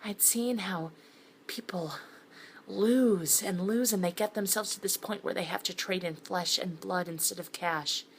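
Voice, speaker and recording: A woman's voice: lowish voice, measured pace, slight background noise. A middle-aged woman giving scripted first-person thriller narration with wry, sardonic asides, sometimes sinking to a whisper. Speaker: narrator of a thriller web series.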